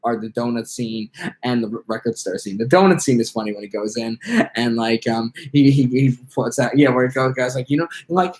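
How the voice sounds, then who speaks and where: A man with a medium-pitched, darkish voice talks briskly while hosting his own live stream. He chats casually and rambles, full of fillers and restarts.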